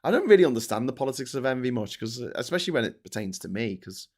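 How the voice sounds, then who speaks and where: A man's voice: medium pitch, sing-song, fast, a little mellow. A man hosting casual political commentary in a sarcastic, profane ranting manner. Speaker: host.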